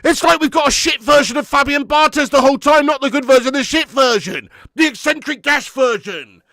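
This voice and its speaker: A man hosting a live football watch-along, swearing freely, getting excited and reading out viewer comments. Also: very high voice, brisk, no room sound, clean studio sound. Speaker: fan channel host.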